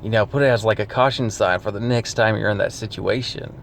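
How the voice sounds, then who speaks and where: A man's voice: fairly low pitch, a little fast, creaky, a little hiss or hum. A man talking casually to camera in a rambling, self-deprecating vlog, laughing often. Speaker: vlogger.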